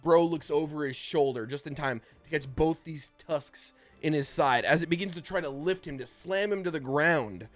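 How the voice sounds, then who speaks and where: A man running a tabletop game as game master, narrating combat and explaining rules in a casual, halting way full of restarts. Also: fairly high pitch, faint music behind.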